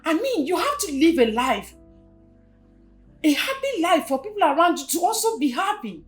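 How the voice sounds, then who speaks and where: A woman's voice: very high voice, sing-song, moderate pace, faint music behind. An actress with a Nigerian accent playing a blunt young friend who scolds her. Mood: scolding. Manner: scolding, preachy. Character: frank young female friend, scolding and honest.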